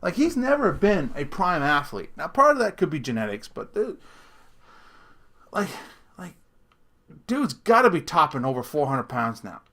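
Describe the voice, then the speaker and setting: A man rambles through a casual solo rant, breaking into laughter and restarting his sentences. His voice sits a little high and comes across bright and forceful. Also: sing-song, normal speed, pauses often. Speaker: podcast host.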